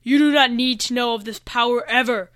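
Lane, a shouting villain dragon, as a woman puts him on. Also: a little high, fairly even intonation, brisk, close to an everyday voice. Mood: menacing. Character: evil black dragon villain, male, scheming.

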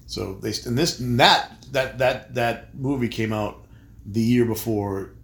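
Male guest, mid-pitch, stammers and repeats words, echoey room. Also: measured pace, creaky. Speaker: podcast guest and producer. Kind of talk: casual conversation. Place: home library.

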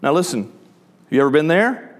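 A man with a Southern accent preaches a sermon as a pastor, talking conversationally and asking his listeners questions. His voice is a little high, with big pitch swings, at a normal speed.

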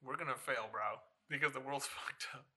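A man's voice: mid-range voice, fairly quick, bright, forceful tone, slightly rough. A man in casual podcast chat, talking in a laid-back, rambling way with lots of fillers.

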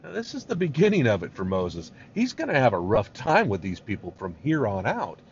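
A male pastor teaches through a scripture passage, his pitch lively and swinging. His style is chatty and animated. The recording sounds dull and lo-fi, with a faint hiss beneath. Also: a little fast. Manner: animated, conversational, acts out voices. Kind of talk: expository sermon.

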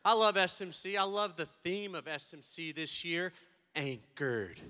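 A man giving a comedic keynote to students, playful and animated, swinging between loud and soft. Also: high-pitched, measured pace. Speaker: speaker addressing students. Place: large event hall. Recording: long hall reverb.

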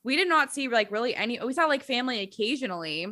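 Chatty bright young woman. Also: on the high side, animated, quick pace. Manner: chatty, filler-heavy, laughs often. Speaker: podcast co-host. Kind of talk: casual podcast chat.

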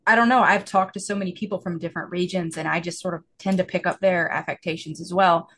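A woman with a drawling Southern US accent, chatting as an interview guest and telling lively little stories. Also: lowish voice, fast talker, slightly rough. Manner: chatty storyteller, acting out little exchanges. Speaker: podfic narrator, interview guest. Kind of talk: casual chat.

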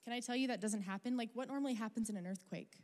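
A woman's voice: fairly high pitch, very fast. Woman preaching in an echoing hall. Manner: conversational, animated storytelling with fillers. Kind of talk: sermon with personal story. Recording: long reverb of a large hall.

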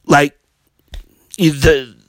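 A man's voice: a little high, little pitch movement, extremely slow, dry recording. A man hosting a hockey podcast, ranting in a heated, profane, casual way. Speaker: podcast host.

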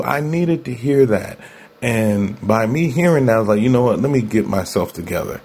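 A man's voice: mid-range voice, lively intonation, moderate pace, a little mellow. A man hosting a talk show, speaking candidly and conversationally, repeating himself for emphasis and laughing often. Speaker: host. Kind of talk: solo talk show monologue.

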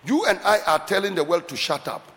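A man preaching a sermon as pastor, swelling into shouts and sing-song cadences. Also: sits high, big pitch swings, a little fast. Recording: reverberant church hall with faint music.

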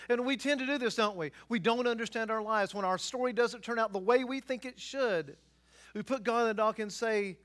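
Guy preaching, fairly high voice, goes from quiet asides to loud emphatic bits. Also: moderate pace. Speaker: pastor. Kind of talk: sermon.

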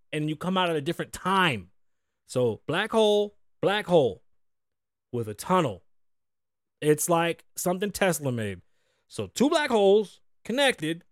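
A man in his thirties talks through his solo podcast in a loose, profane, joking way. His voice sits high for a man and leaps up and down with every riff. The sound is dry and close, with no room around it. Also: big pitch swings, measured pace, long pauses, no echo. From United States. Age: 30s. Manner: loose, profane, joking rants with big swings. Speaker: podcast host. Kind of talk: casual solo podcast chat.

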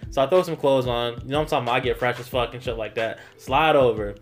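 A man's voice: mid-range voice, quick pace, faint music behind. A young man hosting a podcast, telling a casual story in profane slang and laughing often.

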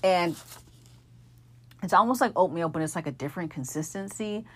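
Woman host, low voice, chatty delivery. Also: moderate pace, a bit bright, husky. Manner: conversational, many fillers and self-corrections. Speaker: podcast host. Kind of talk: casual monologue introducing an episode.

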